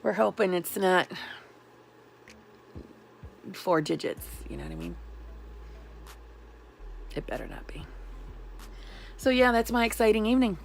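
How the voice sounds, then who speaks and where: A woman in her thirties from New York State, telling a sarcastic, animated venting story in a vlog. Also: mid-range voice, a little slow, gravelly, pauses often, slight background noise. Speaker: vlogger.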